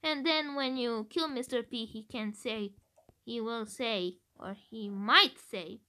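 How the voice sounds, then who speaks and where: A woman's voice: fairly high pitch, takes it slowly, sharp tone. A woman from Romania chatting casually about her game predictions, thinking aloud with hesitant restarts. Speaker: gaming video creator. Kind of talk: casual game-theory chat.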